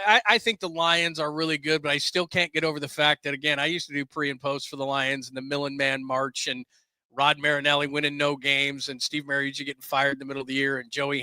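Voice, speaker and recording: A middle-aged man, a sports radio broadcaster, telling stories in an animated, casual chat. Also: on the high side, no echo. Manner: animated, bursts into shouts when quoting. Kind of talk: casual podcast chat, storytelling.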